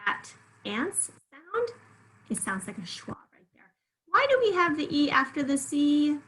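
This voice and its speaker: Bright-voiced woman teaching spelling. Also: on the high side, slight background noise, rough recording. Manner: patient, encouraging, sounds out syllables slowly. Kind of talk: spelling lesson.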